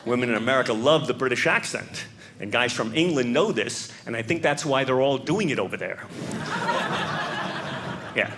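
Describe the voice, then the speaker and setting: A man's voice: mid-range voice, lively intonation, normal speed, pauses often. A man doing stand-up comedy with a wry, mocking observational delivery. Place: comedy club stage. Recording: live comedy club, audience laughter and noise.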